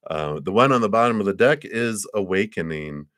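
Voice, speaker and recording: A male tarot reader talks through a live-stream card reading in a low voice. He rambles warmly from card to card and laughs often. His voice sits close and dry on the mic, with no room around it. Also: lively intonation, fairly quick, dry recording.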